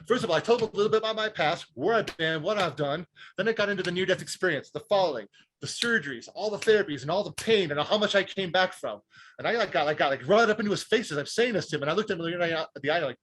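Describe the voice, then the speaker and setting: Fast-talking husky man. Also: sits high. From Detroit, United States. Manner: animated, emphatic, repeats words when excited. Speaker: guest speaker. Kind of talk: personal storytelling in an interview.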